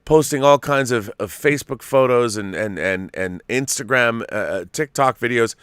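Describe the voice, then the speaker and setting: Bright, clear-voiced man in his fifties. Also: mid-range voice, moderate pace, dry recording, studio quality. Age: 50s. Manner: animated, profane storyteller. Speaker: show host. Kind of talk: casual podcast chat.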